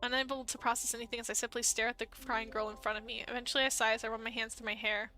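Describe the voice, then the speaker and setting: A woman narrating as a heartbroken young man in a dating game, soft and subdued. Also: on the high side, flat delivery, racing, faint music behind.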